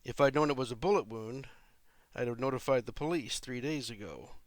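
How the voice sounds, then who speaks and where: Man reading as a calm french-accented doctor, soft and clinical, steady pitch. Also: a little fast, no echo, natural voice. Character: thin, calm male hospital doctor.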